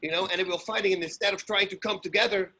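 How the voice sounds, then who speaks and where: Husky man searching for words. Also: high-pitched, fairly even intonation, pushed and bright. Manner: halting, searches for words, repeats himself. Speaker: guest. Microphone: video call.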